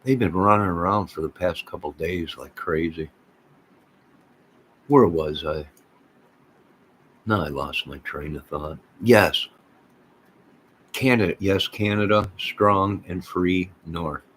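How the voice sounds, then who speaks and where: A man's voice: deep voice, slow, long pauses, a bit bright, slight background noise. An American man rambling casually as he chats with livestream viewers, reading their comments aloud and trailing off mid-thought. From United States. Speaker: livestream host chatting with viewers.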